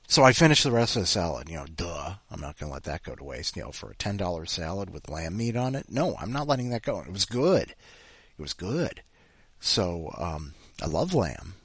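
A man hosting a show, telling a rambling personal anecdote in a profane, ranting way, often mimicking other people in high, mocking voices. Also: fairly bright tone, no echo. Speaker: podcast host.

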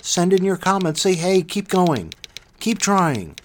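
A man hosting his own podcast in casual solo talk, self-mocking and animated, swinging between loud bursts and muttered asides. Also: sits high, a little slow, slight background noise. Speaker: podcast host.

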